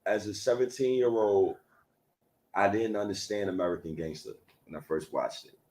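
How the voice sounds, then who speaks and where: A man's voice: fairly low pitch, moderate pace. A man co-hosting a podcast, joking in casual chat. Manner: animated, joking. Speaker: podcast co-host.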